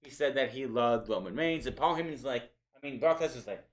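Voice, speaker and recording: A man's voice: a little high, animated, moderate pace. A man reviewing a wrestling show in a casual, opinionated recap, often restarting his sentences. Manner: conversational, opinionated, with frequent restarts.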